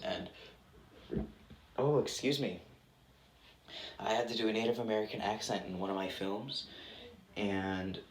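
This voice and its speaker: Rambling young man in a roomy space. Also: fairly low pitch. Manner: rambling, lots of "like" fillers, self-deprecating. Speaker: actor guest. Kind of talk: casual interview chat. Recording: roomy with faint background noise.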